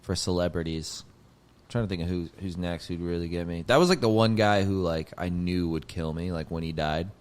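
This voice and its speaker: A young man with a lowish voice tells a long, rambling story on a podcast. He leans hard on filler words and swearing. He jumps up loud and high whenever the story excites him. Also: moderate pace, clean tone. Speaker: podcast host, comedian. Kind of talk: casual storytelling chat.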